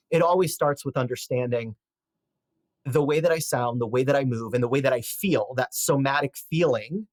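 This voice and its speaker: A man's voice: mid-range voice, dry recording. A man in his forties speaking as a podcast guest, giving advice in a reflective, rambling way with fillers and restarts. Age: 40s.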